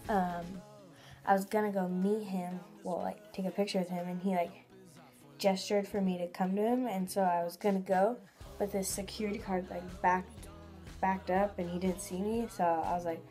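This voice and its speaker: A woman's voice: medium pitch, warm tone. Giddy teenage girl gushing. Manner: giddy, gushing, lots of "like" fillers. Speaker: vlogger. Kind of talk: casual storytelling vlog.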